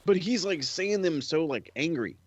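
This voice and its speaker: A man's voice: fairly high pitch, normal speed, no echo, highs cut off. A man co-hosting a wrestling podcast, swearing a lot and sounding exasperated. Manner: profane, exasperated, animated. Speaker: podcast co-host. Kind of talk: casual podcast banter.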